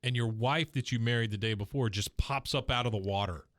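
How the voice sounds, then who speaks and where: A man's voice: medium pitch, brisk, a bit bright, no room sound. A man co-hosting a casual podcast, firing off sarcastic, incredulous quips. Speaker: podcast co-host. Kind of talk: casual chat.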